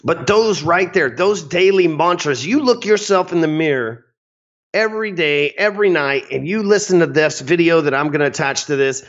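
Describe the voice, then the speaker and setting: A man talking as a sales coach, giving a blunt, energetic motivational talk and swearing casually. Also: fairly high pitch, moderate pace, dull audio.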